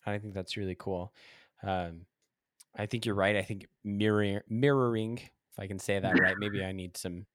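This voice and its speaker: Chill guy host, kinda low voice, easygoing, dry mic. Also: moderate pace, no room sound. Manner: relaxed, agreeable, easygoing. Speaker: podcast host. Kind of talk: casual interview chat.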